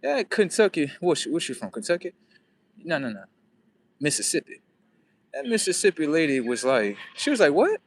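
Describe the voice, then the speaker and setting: A man's voice: a little high, normal speed, long pauses. Rambling man telling a story. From Florida. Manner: rambling, repeats himself, quotes others in lively voices. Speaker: vlogger. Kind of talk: casual storytelling while walking.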